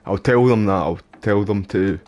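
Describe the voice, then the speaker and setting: A man's voice: fairly low pitch, moderate pace, darkish tone. A Scottish man chatting casually to viewers while live streaming a game, laid back and swearing freely.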